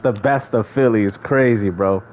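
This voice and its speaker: A man's voice: on the low side, normal speed, a little mellow, slight background noise. A man streaming live, casually bantering and mocking rival gamers, laughing often as he talks. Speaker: gaming streamer.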